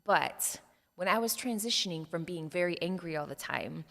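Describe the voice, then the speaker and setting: A woman with a fairly low voice tells a story from her own life as a church podcast co-host. She is chatty and animated and turns to her listeners now and then. A long reverb tail follows her voice, as in a large hall. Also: normal speed, gravelly. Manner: animated, chatty telling that addresses listeners directly. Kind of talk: casual storytelling conversation.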